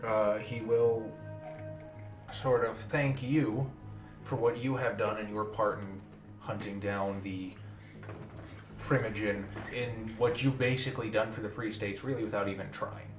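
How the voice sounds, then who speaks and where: A man's voice: lowish voice, fairly even intonation, a little slow, recorded from a distance. Man, game master, casual profane narration, roomy echo, faint music.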